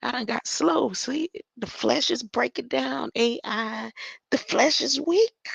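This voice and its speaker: Creaky older woman musing aloud. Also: slow, no room sound. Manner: rambling, muttering asides and sudden high-pitched exclamations. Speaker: solo streamer. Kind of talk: thinking aloud while reading from a screen.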